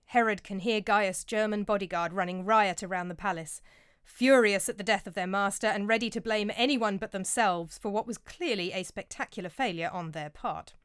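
Smooth-voiced woman narrating a story. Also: medium pitch, no echo, clean studio sound. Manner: dramatic, vivid storytelling. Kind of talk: scripted historical story narration.

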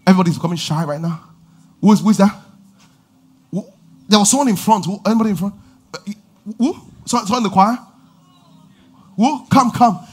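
A man preaching a lively sermon, shouting call-and-response lines and laughing between stories. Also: sits high, brisk, pauses often, slightly rough. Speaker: pastor.

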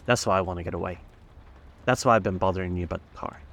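A man reading the part of a weary, sick, middle-aged garage owner in a flat, worn-out way. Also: low-pitched, racing.

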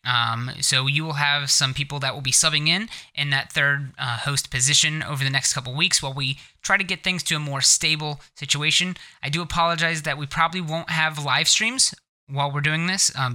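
A man's voice: mid-range voice, bright, forceful tone. A man co-hosting a podcast, talking casually with lots of fillers. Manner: rambling, filler-heavy, giggly. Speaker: podcast co-host. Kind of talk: casual chat.

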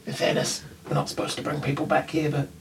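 A man's voice: a little high, completely flat delivery, quick pace, vocal fry, distant mic, noisy background. A man with a New Zealand accent voicing a friendly, sly male elf thief who talks in an easygoing, wry way.

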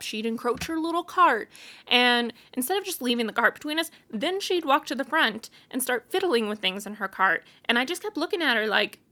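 A woman's voice: fairly high pitch, sharp tone. A woman hosting her own show, talking casually and bluntly, candid and exasperated as she vents. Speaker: podcast host. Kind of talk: casual solo venting.

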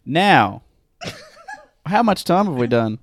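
Animated, playful male podcast co-host. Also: fairly high pitch, dry recording. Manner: playful, animated, quick to laugh. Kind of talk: casual chat.

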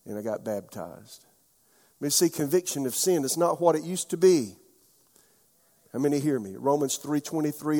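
A man's voice: a little high, moderate pace, darkish tone, in a large hall. A man, a pastor from South Carolina preaching a sermon with folksy storytelling and questions to the congregation. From South Carolina, USA.

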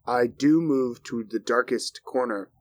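A man with a mid-pitched voice casually describing what his character does in a tabletop game. The recording is dry and close. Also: unhurried, no echo. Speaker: player.

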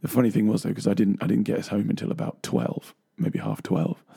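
A man's voice: on the low side, steady tone, fairly quick, creaky, warm tone, slightly rough. A man co-hosting a casual music talk show, rambling with plenty of fillers and frequent laughs. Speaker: co-host, bass player. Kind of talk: casual chat. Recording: radio show studio mic.

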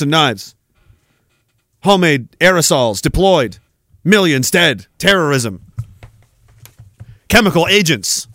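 A podcast host with a fairly high, somewhat bright voice rants sarcastically, swearing heavily and laughing often as he reads out viewer messages. The recording is studio quality with no echo.

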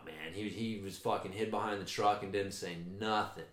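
A man's voice: on the low side, steady tone, normal speed, a bit bright. A man in casual chat, telling a long rambling story with swearing and frequent restarts. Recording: roomy echo.

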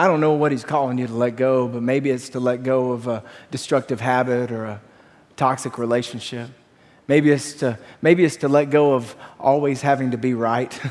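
A man preaching a sermon as pastor, energetic and telling stories with voiced quotes. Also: medium pitch, in a large hall. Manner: energetic, storytelling with acted quotes.

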